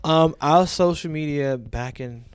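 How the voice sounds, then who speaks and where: Relaxed New man in his forties. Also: a little high, unhurried, clean tone, dry recording. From Brooklyn, New York. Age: 40s. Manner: relaxed, reflective storyteller with many "like" fillers. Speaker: teacher, podcast guest. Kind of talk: casual conversational interview.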